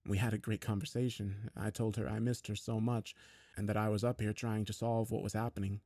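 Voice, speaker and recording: Male narrator, low, dry and close, steady horror storytelling. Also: brisk, no echo. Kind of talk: scripted first-person horror narration.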